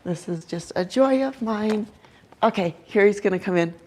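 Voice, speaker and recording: A woman's voice: medium pitch, normal speed, darkish tone, slight background noise. A young woman chatting casually on her livestream about her pet owl, with giggles and lots of "like" fillers. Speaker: owl keeper and channel host.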